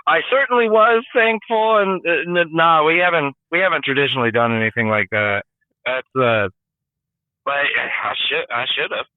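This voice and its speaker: A man's voice: fairly high pitch, normal speed, no room sound, phone-quality sound. A man who drives trucks, a guest in casual chat, easygoing and chuckling, with hesitant restarts.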